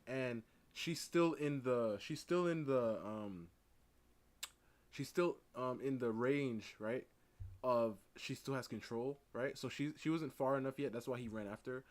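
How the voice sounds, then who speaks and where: A man's voice: medium pitch, measured pace. A man hosting a livestream, giving casual reaction commentary and acting out little scenes as he talks. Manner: animated, laughing, acts out scenes. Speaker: livestream host.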